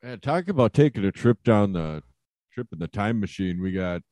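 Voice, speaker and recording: A man co-hosting a casual podcast chat, relaxed and rambling with lots of fillers. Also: on the low side, normal speed, no room sound. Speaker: podcast co-host. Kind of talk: casual wrestling review chat.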